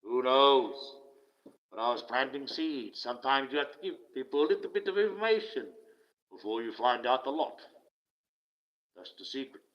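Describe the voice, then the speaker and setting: A man rants casually on his livestream. He is profane and sarcastic, and he swings between loud outbursts and low mutters. His voice has a middle pitch, and the audio is dull and lo-fi. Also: sing-song, moderate pace. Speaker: livestream host.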